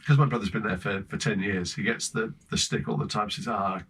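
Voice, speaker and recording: A man with an English accent, a podcast guest telling travel stories in lively casual chat, laughing often. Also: on the low side, brisk, vocal fry, breathy edge. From Britain. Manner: animated storyteller, laughing often.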